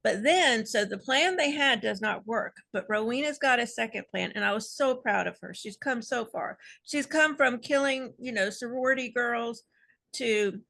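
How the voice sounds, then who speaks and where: A woman with a fairly high voice and a gravelly, creaky edge recaps a favorite episode. She is lively and jokes sarcastically as she goes. She is a panelist in a casual fan discussion. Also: moderate pace. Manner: animated, playfully sarcastic recapping.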